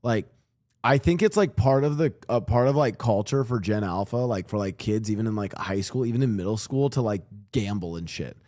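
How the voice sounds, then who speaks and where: A young man rambles through a casual reaction stream, swearing freely and restarting his sentences. His pitch swings widely as he talks. He is close on a streaming mic in a home room. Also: lively intonation, fairly quick, darkish tone. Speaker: streamer and podcast host.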